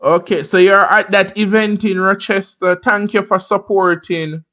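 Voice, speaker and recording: A man's voice: high voice, fairly even intonation, bright, forceful tone, dull audio. A Jamaican man hosting a casual livestream chat. He answers viewer comments and greets viewers by name. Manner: laid-back, drawn-out, greets viewers by name. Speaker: livestream host.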